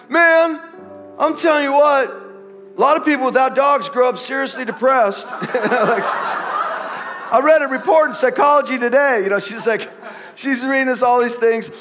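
A middle-aged male pastor preaching a sermon, telling a family story with animated delivery and building to shouted exhortation before a congregation. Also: extremely high pitch. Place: church sanctuary before a congregation.

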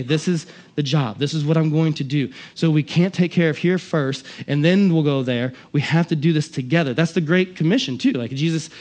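Fired-up male pastor with a slightly high voice, preaching hard, drops to quiet asides. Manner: impassioned, swings from loud emphasis to quiet asides. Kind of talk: sermon.

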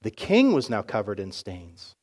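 A male pastor narrating a story in a sermon with expressive storytelling. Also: fairly low pitch, a little slow.

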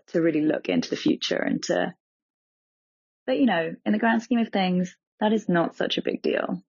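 A woman speaking a reflective, measured message on a year of learning to appreciate everyday things. Her voice sits low with a gravelly edge, and the recording is dull and dry. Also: no room sound.

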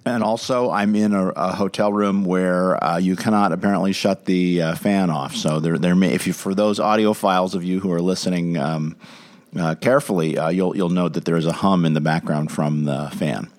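A man with a lowish voice chats from a hotel room, rambling through his points with lots of ums and restarts. The sound is dry and close, with no room echo at all. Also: fairly even intonation, normal speed. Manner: rambling, with many fillers and restarts. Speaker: podcast co-host. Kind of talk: casual chat. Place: hotel room with a fan humming.

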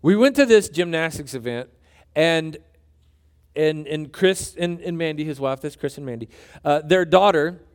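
A man preaching a sermon, telling a story with humor and building to emphatic points. His voice sits high for a man. His delivery is animated and earnest. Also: clear, resonant tone. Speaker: pastor.

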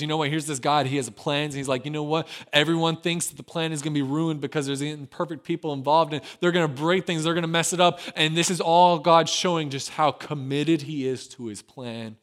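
A man preaching a sermon in an animated way, acting out quoted voices and swinging from quiet, drawn-out lines to loud, emphatic ones. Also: high voice. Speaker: pastor.

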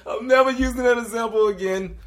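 A man co-hosting a casual faith talk, animated and often laughing as he preaches. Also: very high voice, fast.

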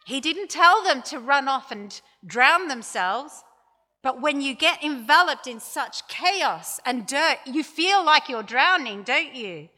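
A woman preaching a sermon, telling a story in measured steps and giving the quoted lines with dramatic emphasis. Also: high voice, lively intonation, pushed and bright. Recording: long hall reverb.

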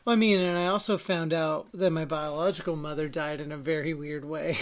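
A woman co-hosting a podcast in casual chat, telling stories candidly and acting out quoted lines loudly. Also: low voice, steady tone, fairly quick.

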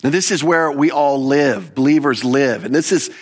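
A man preaching a sermon as pastor, with animated emphasis, rhetorical questions and quick self-corrections. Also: medium pitch.

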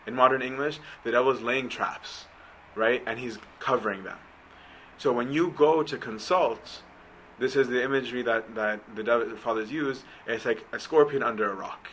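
A man's voice: medium pitch, moderate pace, fairly bright tone, slight background noise, poor audio. A man giving a conversational church teaching. He reads a passage aloud, then explains it informally, checking in with "right?" and pressing his points earnestly. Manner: earnest and emphatic in exhortation.

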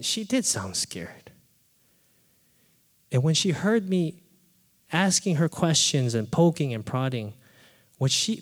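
Animated male preacher in a reverberant hall. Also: medium pitch. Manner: animated storytelling, acts out his own quoted thoughts. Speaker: pastor. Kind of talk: sermon.

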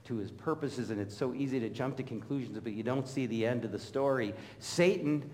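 A middle-aged man preaching a sermon in a big reverberant hall. He tells stories with animation and slips into the voices of the people he quotes, keeping a middle pitch. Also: a little fast, darkish tone. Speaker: pastor.

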